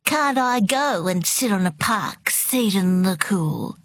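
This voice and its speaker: A woman's voice: medium pitch, animated, takes it slowly, no echo. A woman voicing a teenage girl who speaks with piteous defiance in a storybook reading. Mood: defiant.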